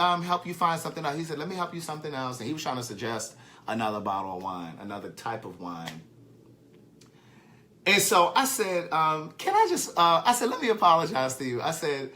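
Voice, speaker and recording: Bright-voiced chatty man telling a story. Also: on the high side. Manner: chatty, swearing, laughing at his own story. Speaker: author and live-streamer. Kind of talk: casual storytelling monologue.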